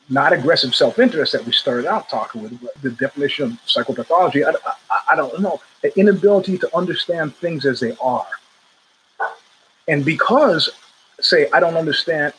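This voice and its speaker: A middle-aged man hosts his own show and spins a loose, rambling story full of asides and restarts. His voice sits a little higher than most men's. A faint hum stays under it. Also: fairly bright tone, poor audio. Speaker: show host. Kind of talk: casual storytelling monologue.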